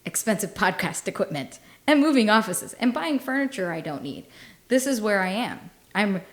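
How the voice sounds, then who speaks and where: A woman's voice: mid-range voice, lively intonation, moderate pace. A woman in her forties co-hosting a podcast in casual comedic chat, self-deprecating and laughing often as she tells stories. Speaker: podcast co-host.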